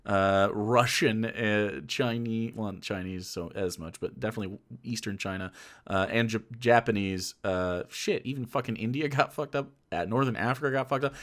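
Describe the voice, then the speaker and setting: A man's voice: fairly low pitch, normal speed, a bit bright. A young man streaming live, reacting to a video with sarcastic, rambling rants full of swearing. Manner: sarcastic, ranting, swearing often. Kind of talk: casual reaction commentary.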